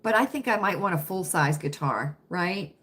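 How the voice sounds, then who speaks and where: Bright chatty woman livestreaming. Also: fairly low pitch, expressive, normal speed. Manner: chatty, calls viewers "friends" and "honey", tags on "right?". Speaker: livestream host. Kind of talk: casual live chat with viewers.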